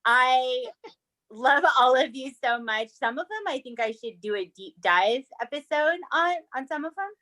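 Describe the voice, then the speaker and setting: A woman's voice: sits high, expressive, moderate pace, sharp tone. A woman co-hosting a casual true-crime podcast, chatty and laughing often. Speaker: podcast co-host. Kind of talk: casual chat.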